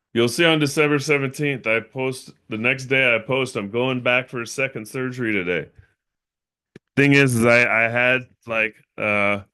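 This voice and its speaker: Bright, crisp-voiced man telling a story. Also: lowish voice, dry recording, clean studio sound. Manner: rambling, repeats himself, fillers like "right?". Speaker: channel owner and livestream host. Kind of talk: casual livestream storytelling.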